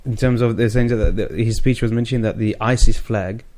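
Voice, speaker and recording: A man's voice: medium pitch, fairly even intonation, fairly quick, darkish tone. Male radio co-host, brief interjections. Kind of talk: casual current affairs radio chat.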